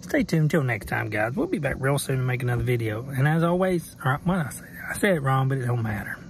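A man's voice: mid-range voice, big pitch swings, fast talker. A man, rambling casually to his viewers while fishing outdoors on a camera. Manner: laid-back, rambling, talks to viewers. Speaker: fishing vlogger. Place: outdoors on the water. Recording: faint outdoor noise.

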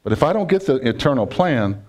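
A pastor preaching a conversational sermon, joking and asking the congregation questions. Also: male voice, fairly high pitch, big pitch swings, a little fast, a little mellow.

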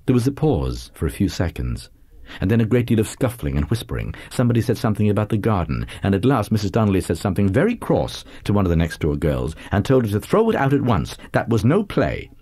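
A man narrating a literary audiobook in a measured, lively reading. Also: lowish voice, slightly rough, no room sound.

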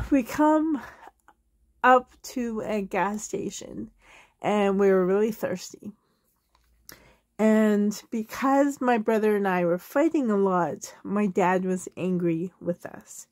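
A woman's voice: medium pitch, slow, darkish tone, no echo, studio quality. A woman in her forties from Canada, casually telling family stories in a rambling way and laughing through them. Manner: loose and rambling, many fillers. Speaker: vlogger answering a tag video. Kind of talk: casual storytelling.

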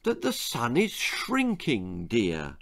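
A man's voice: mid-range voice, huge pitch swings, slow, vocal fry, a bit bright, no echo, studio quality, heavily acted. A man voicing a mild but probing middle-aged father.

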